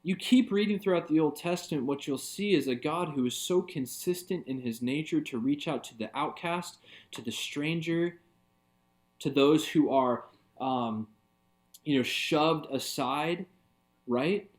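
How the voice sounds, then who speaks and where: A man's voice: fairly high pitch, unhurried. A man, a pastor, giving an earnest, reflective devotional talk in a conversational way.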